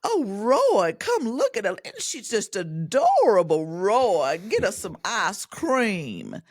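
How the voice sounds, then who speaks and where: A woman's voice: mid-range voice, wildly swooping pitch, slow, no room sound, studio quality, pitched above the performer's own voice, heavily acted. A woman voicing a doting older step-grandmother, calling out in a gushing, sing-song way.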